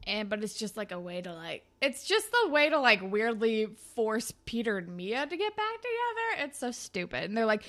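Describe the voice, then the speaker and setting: Bright, high-voiced young woman podcaster. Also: sing-song, measured pace. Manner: profane, laughing, mimics characters. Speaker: podcast co-host. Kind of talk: casual recap chat.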